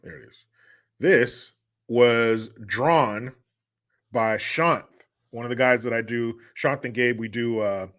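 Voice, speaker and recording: A man's voice: medium pitch, bright, forceful tone. A man hosting a live show, chatting casually, reading the chat and joking in a profane, rambling way.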